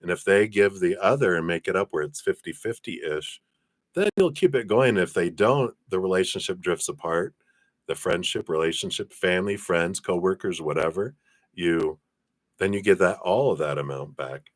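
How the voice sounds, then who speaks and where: A man giving a live-streamed card reading, chatting to viewers by name and passing on messages in a drawn-out, hesitant way. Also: deep voice, no room sound. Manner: chatty, reads viewer names and passes on spirit messages. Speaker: tarot reader.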